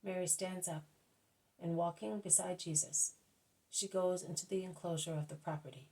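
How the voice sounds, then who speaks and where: Lower-voiced woman reading a devotional book. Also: fairly even intonation, mellow, rough recording. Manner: careful, measured reading with small self-corrections. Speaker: audiobook reader.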